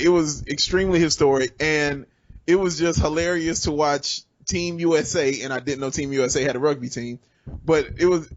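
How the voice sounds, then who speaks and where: A man's voice: on the high side, lo-fi sound, slight background noise. A man on a sports podcast as a guest, talking with enthusiasm and joking around. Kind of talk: casual sports talk chat.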